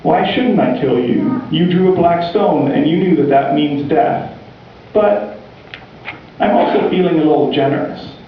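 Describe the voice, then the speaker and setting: A man voicing a scheming male rebel leader who speaks with calm, measured menace in a sermon story. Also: fairly high pitch, a little hiss or hum, natural voice. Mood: menacing. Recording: distant, echoey, dull church recording.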